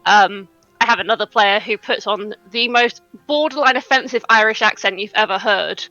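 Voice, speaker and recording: A woman's voice: mid-range voice, normal speed, sharp tone, dry recording, lo-fi sound, soft background music. A woman game master chatting on a panel, self-deprecating and laughing often. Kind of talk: casual panel chat.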